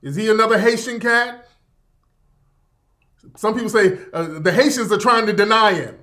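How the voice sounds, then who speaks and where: A man hosts his radio show as casual livestream commentary, talking in a fairly high voice. He rambles, swears freely and circles back over the same points while reacting to the chat. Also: moderate pace, bright, forceful tone.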